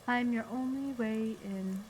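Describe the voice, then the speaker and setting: A woman voicing a cryptic old man who talks slowly and solemnly, like a preacher. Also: on the high side, a little mellow, a little hiss or hum, natural voice, rough recording. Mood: ominous.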